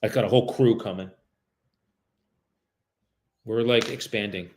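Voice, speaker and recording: A man's voice: fairly low pitch, steady tone, a little slow, pauses often, darkish tone. A man in real estate streaming himself making cold calls, chatting loosely with viewers in slang and switching to a polite, raised voice when someone picks up. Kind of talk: live-streamed cold calling.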